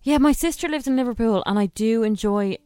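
A woman's voice: a little high, a little fast, mellow, smooth, no room sound, faint music behind. A young Irish woman co-hosting a radio show, chatting frankly and giving firm opinions. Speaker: radio co-host. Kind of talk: casual chat.

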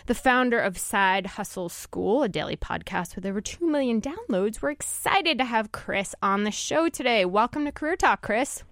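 A woman's voice: on the high side, animated, moderate pace, few pauses, fairly bright tone, no room sound, clean studio sound. A woman hosting a radio talk show, upbeat and chatty, laughing often. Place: radio studio.

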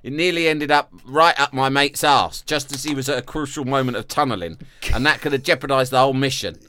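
A man co-hosting a comedy podcast who tells crude, animated stories, recorded in a small cupboard. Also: medium pitch, brisk, slight background noise. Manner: crude, animated storytelling with swearing. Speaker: podcast co-host. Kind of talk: casual comedic chat.

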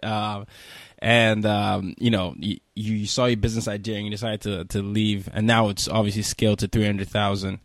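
A man hosting an interview, asking rambling, halting questions full of fillers. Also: on the low side, little pitch movement, dry recording. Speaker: interview host. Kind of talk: podcast interview.

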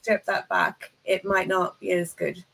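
A woman's voice: fairly low pitch, little pitch movement, unhurried, gravelly, a bit bright, rough recording. A woman, co-hosting a casual wrestling podcast in an easygoing way. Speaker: co-host.

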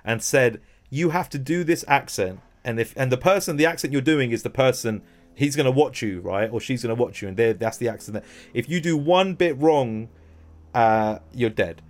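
A man's voice: mid-range voice, normal speed. A man hosting a podcast, joking and teasing his guest and swearing freely. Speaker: podcast host. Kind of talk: casual podcast chat.

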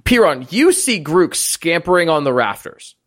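A man's voice: fairly high pitch, very animated, moderate pace, fairly bright tone. A man running a tabletop game as game master, narrating casually with lots of fillers.

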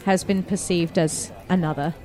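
A woman running a tabletop roleplaying game, relaxed and laughing often. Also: lowish voice, normal speed, faint music behind. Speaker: game master.

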